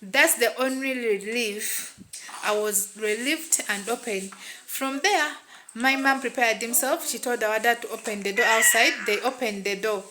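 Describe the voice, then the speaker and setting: A woman's voice: fairly high pitch, unhurried, noisy background. A woman narrating a first-person story in an emotional, repetitive way. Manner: emotional, repetitive, tags lines with "what and what".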